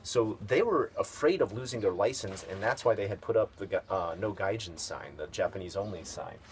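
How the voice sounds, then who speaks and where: Male host with a lowish voice, loose rambling storyteller full of ums and uhs, noisy background. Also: lively intonation, brisk. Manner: rambling, hesitant, many fillers and restarts. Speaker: video host. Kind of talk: casual storytelling commentary. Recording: noticeable background noise.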